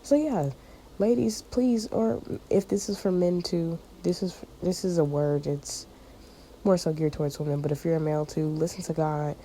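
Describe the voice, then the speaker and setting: Low, mellow-voiced woman, rambling spiritual talk. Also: steady tone, moderate pace, a little hiss or hum, rough recording. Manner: rambling, searching for words, many fillers; addresses listeners as y'all. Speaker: channel host giving a prophetic word. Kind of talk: casual spiritual vlog talk.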